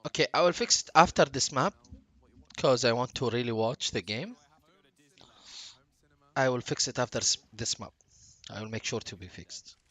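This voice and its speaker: A man's voice: medium pitch, slightly rough, no echo. Man chatting on stream. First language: Arabic. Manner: relaxed, chatty, halting non-native English. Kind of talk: casual live-stream chat.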